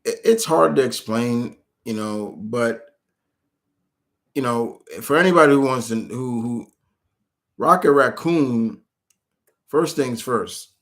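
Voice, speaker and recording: A man's voice: mid-range voice, slow, pauses often, a bit bright. A man streaming live, answering viewers' questions in a rambling, casual way with many restarts.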